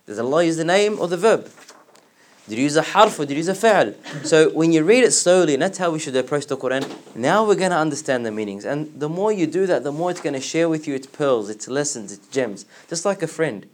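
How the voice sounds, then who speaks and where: Higher-voiced male religious teacher. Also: expressive, slight background noise. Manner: explanatory, asks the class questions; recites verses in rapid chant. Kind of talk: classroom lesson with students.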